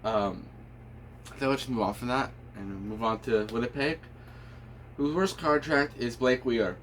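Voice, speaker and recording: A man's voice: mid-range voice, moderate pace, slight background noise. A man giving casual, unscripted hockey opinions, rambling with many fillers and restarts, sounding tired. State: tired, yawning. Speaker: hockey commentator.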